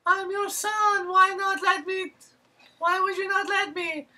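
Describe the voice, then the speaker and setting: A man putting on a high whimpering falsetto to mock a creepy, clingy adult son whining to his mother. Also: fairly even intonation, unhurried, pushed and bright, full character voice. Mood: wailing.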